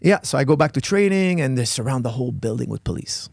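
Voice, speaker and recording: A man from Canada, a coach and gym owner, telling a story in casual conversation, emphatic and building to sudden high-pitched outrage. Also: lively intonation, fast talker, gravelly, a little mellow. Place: podcast studio.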